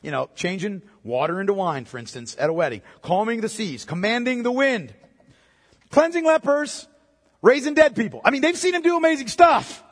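A middle-aged man preaching a sermon, conversational and animated, with joking asides. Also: high-pitched, normal speed. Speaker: pastor. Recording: reverberant hall.

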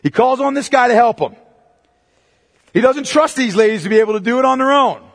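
A man's voice: very high voice, fairly quick, vocal fry. A male pastor preaching a sermon emphatically, often asking the congregation rhetorical questions. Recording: long reverb of a large hall.

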